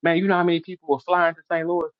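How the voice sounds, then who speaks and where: Middle-aged male host, brash trash talker, slightly high voice, dull dry recording. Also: level tone, racing, a crowd in the background. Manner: brash, repetitive, calling out a rival. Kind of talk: animated trash talk in a casual interview.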